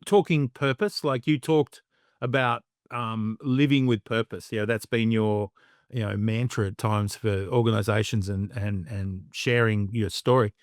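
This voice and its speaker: Enthusiastic rambling host. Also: male voice, lowish voice, fairly even intonation, measured pace, no room sound, studio quality. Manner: enthusiastic, rambling, with many fillers like "you know" and "right". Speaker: podcast host. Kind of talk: casual podcast conversation.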